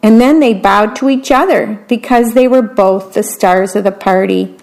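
A woman reading a children's picture book aloud, pausing to describe the pictures in a chatty aside. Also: medium pitch, gravelly, a little mellow, low-quality recording. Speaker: storybook reader.

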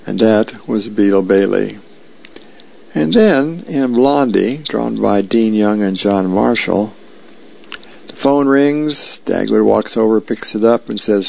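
A man on the radio reading comic strips aloud, calmly describing each frame. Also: fairly low pitch, unhurried, gravelly, no echo. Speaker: radio reader. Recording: dry, slightly dull lo-fi sound.

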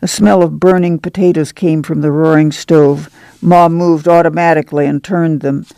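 An audiobook narrator reading a novel aloud in an even, unhurried manner. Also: medium pitch, creaky, no room sound.

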